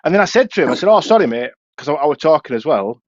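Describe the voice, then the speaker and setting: A man's voice: fairly high pitch, very fast, muffled recording. A young Yorkshire man, a podcast co-host, telling a casual story and swearing freely. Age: young adult. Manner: swears freely, lively anecdotes.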